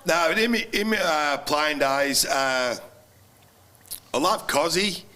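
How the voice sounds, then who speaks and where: Slow bright-voiced man. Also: fairly high pitch, expressive. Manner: slow, halting, many fillers. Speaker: podcast co-host. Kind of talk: casual chat.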